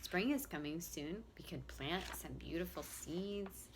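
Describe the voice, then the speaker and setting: A woman, a preschool teacher, reading a picture book aloud at home, expressive and talking directly to young children. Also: lowish voice, unhurried, background noise.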